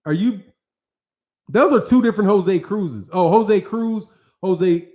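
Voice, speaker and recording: A man with a fairly high voice hosts a boxing livestream, answering his viewers' chat as it comes in. He talks loose and slangy and swears freely, speaking straight into a studio mic. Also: slow, a little mellow. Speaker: boxing channel host. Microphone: studio microphone with several cameras.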